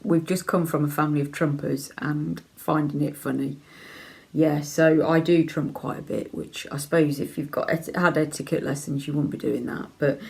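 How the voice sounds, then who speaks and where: A middle-aged woman from Leicester, speaking with that local accent in a low voice. She chats openly and casually to camera while answering viewer questions, filling her pauses with ums and laughing easily. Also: fairly even intonation, vocal fry, a little mellow. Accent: Leicester English. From England (Leicester). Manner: chatty, frank, laughs easily, many ums. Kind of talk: casual chat.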